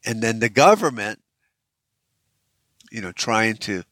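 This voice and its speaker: A man's voice: lowish voice, very animated, slow pace, bright, forceful tone, dry recording. A middle-aged man in a casual opinion monologue, ranting bluntly and swearing freely as he talks. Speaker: vlogger.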